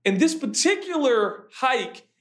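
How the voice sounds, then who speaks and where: A man in his forties, a pastor, preaching a sermon with lively storytelling and acted-out shouts. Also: extremely high pitch, measured pace, roomy sound. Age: 40s. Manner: storytelling, animated, acts out his own shouts.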